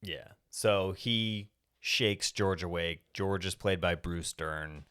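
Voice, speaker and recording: Deep smooth-voiced man recapping a film. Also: takes it slowly, fairly bright tone. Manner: rambling retelling with profanity. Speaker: podcast co-host. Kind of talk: casual movie recap chat.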